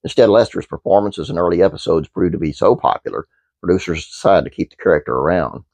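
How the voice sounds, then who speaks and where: A man's voice: deep voice, animated, quick pace, darkish tone, no echo. A man hosting his own channel, reading a trivia script aloud with fillers and restarts, then chatting casually to viewers. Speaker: channel host.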